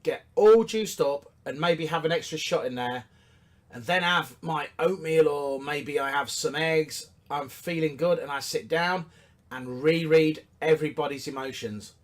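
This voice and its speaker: Emphatic man coaching, fairly high voice. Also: unhurried. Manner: emphatic, repetitive, rhetorical questions. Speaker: business coach. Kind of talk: coaching talk to an audience.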